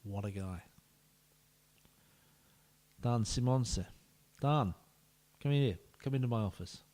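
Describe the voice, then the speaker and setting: A man with a medium-pitched, mellow voice speaks slowly while live-streaming a football management game. He talks playfully to each player and often drops to a whisper as he commentates.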